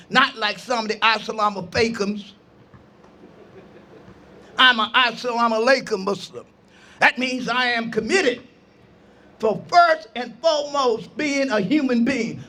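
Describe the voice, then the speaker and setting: An older man, an imam, giving an impassioned outdoor speech at a park gathering, preaching with refrains and rising to shouts. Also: very high voice. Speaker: imam speaking at a ceremony.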